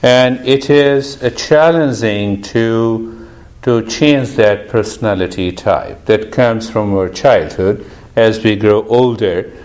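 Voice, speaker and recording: Slow-talking man teaching meditation. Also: lowish voice, a little mellow. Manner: slow, laughing often, friendly teasing. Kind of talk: casual group session talk.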